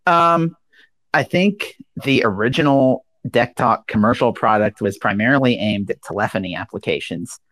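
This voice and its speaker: A man explaining software and speech synthesis history in a casual technical chat, with many ums and uhs. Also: mid-range voice, normal speed, dry recording. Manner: hesitant, full of ums and uhs. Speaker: guest speaker.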